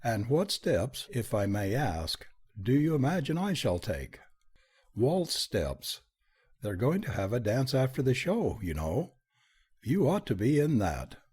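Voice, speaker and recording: A man reading a story aloud as an audiobook narrator, giving the dialogue an expressive, lively delivery. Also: mid-range voice, a little slow, breathy edge. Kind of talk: scripted narration.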